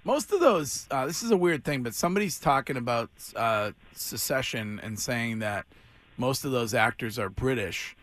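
A man hosting a casual radio interview, chatty and quick to laugh. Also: mid-range voice, animated, fairly bright tone. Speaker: radio host.

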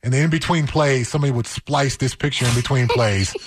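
A man's voice: medium pitch, a little fast, a little hiss or hum. A man who played pro football, a guest on a sports radio show, telling stories in an easygoing way. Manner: easygoing storytelling. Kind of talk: casual radio sports talk.

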